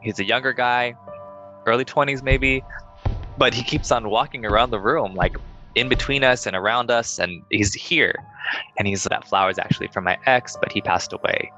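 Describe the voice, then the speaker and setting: Young man, podcast co-host, casual ghost-story telling, bright and forceful tone, slightly low voice, faint music behind. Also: a little fast, low-quality recording. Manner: animated, acts out quoted dialogue in a higher voice.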